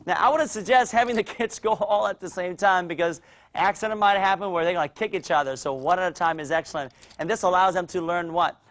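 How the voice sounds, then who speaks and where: A man teaching a martial arts class for young children, explaining drills and loudly cheering the kids on. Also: sits high, fast talker. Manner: energetic, coaching and cheering children on. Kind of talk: instructional demo with kids.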